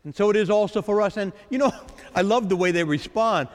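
A man preaching a sermon as a priest, acting out the voices of the Lord and the disciples with lively drama. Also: high voice, a little fast. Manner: animated, dramatizing the Lord's and disciples' lines. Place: church. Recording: echoey church with long reverb.

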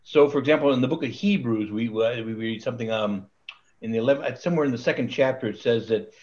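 Male Bible study leader on a video call, mid-pitched, rambly, chuckles often, dull audio. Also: fast, a little mellow. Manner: rambling, restarts, chuckles at his own jokes. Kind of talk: casual online Bible study teaching.

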